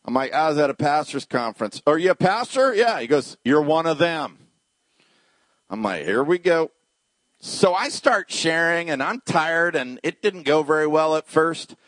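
A man preaching a sermon as a pastor, telling a personal story and acting out the dialogue, at times dropping to a hushed voice. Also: on the high side, lively intonation, normal speed, no echo.

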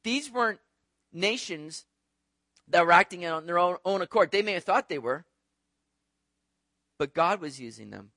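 High-voiced man preaching animatedly. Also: normal speed, pauses often, no room sound, studio quality. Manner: animated, conversational preaching with rhetorical asides. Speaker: pastor. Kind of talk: sermon.

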